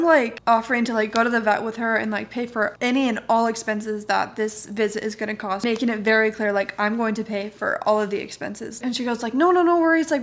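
A woman's voice: on the high side, gravelly. A young woman casually telling a story to camera, chatty and laughing as she goes. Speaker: vlogger.

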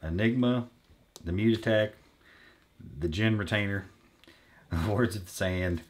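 With a lowish voice and a slow pace, a podcast co-host cracks crude jokes over a stack of trading card packs, mock-mispronouncing the names on purpose. You can hear background noise, including crinkling wrappers.

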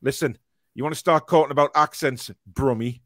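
A man's voice: mid-range voice, brisk, fairly bright tone, dry recording, studio quality. Man rambling with lots of fillers. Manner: rambling, many fillers and restarts. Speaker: podcast host. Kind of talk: casual fan chat, reading live comments.

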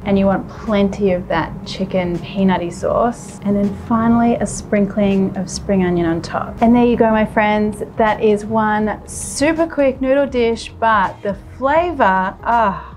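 A woman's voice: medium pitch, normal speed, hardly any pauses, a little mellow, a little hiss or hum. A woman hosting a cooking show, chatty and enthusiastic, talking straight to her viewers as she cooks in a kitchen, laughing easily. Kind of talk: cooking demonstration.

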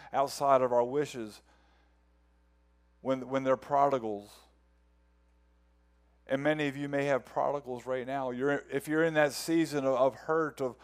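A male pastor preaching a sermon, earnest, repeating words as he builds each point and reading scripture slowly and with feeling. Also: medium pitch.

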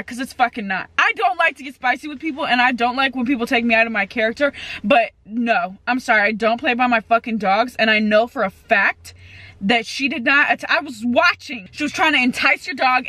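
A woman's voice: on the high side, sharp tone, no room sound. A woman in her twenties chatting casually as a vlogger, full of fillers and swearing freely, talking into a handheld camera. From California. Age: 20s. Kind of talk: casual vlog chat.

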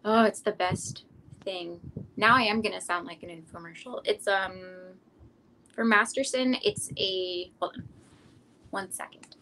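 A middle-aged woman talks about her art in a loose, unhurried way, filling pauses with ums. Her voice sits at an ordinary mid pitch. The talk wanders easily from one thing to the next. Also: a little hiss or hum, low-quality recording. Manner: relaxed, rambling, frequent ums. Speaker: artist guest. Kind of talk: casual interview chat.

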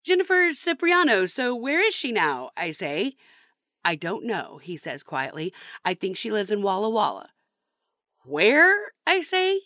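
A woman's voice: mid-range voice, wildly swooping pitch, measured pace, sharp tone, no room sound, studio quality, exaggerated voice. An actress playing a heartbroken young woman, telling her story in a bitter, sarcastic, rambling way. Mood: indignant. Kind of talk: comedy sketch acting.

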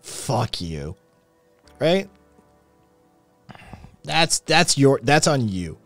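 A man hosts a relaxed late-night stream, reading chat comments and answering them with plenty of swearing. His pitch swings widely as he gets worked up, and faint music plays behind him. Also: extremely slow. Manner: profane, animated, reacts to chat messages. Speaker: podcast host reading live chat. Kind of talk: casual livestream chat.

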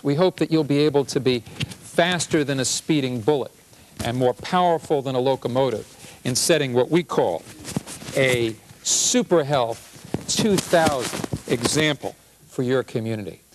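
A medium-pitched man, a physician and professor, gives an animated, punchy and humorous talk on public health, with a little hiss or hum in the audio.

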